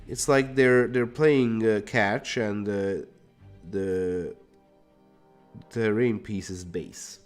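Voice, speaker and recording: A man's voice: fairly low pitch, steady tone, very slow, clean tone, soft background music. A Hungarian man chatting casually on a live stream while painting, thinking aloud, muttering to himself and swearing now and then.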